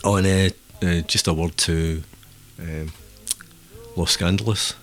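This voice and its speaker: A man's voice: low voice, fairly even intonation, unhurried. A man co-hosting a podcast, telling rambling stories with dry teasing in casual banter. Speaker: podcast co-host.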